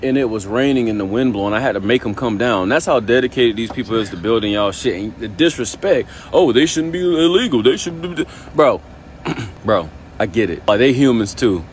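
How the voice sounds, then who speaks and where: A man's voice: on the low side, fairly quick, a little hiss or hum. A man calling in to a podcast with a voicemail, talking in a heated, slangy, profane way. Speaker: caller. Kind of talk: voicemail call-in message.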